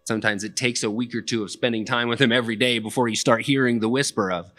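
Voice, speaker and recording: A man's voice: fairly low pitch, quick pace, few pauses, a bit bright. A young man preaching a sermon in a conversational, plainspoken way, with casual asides. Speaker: pastor.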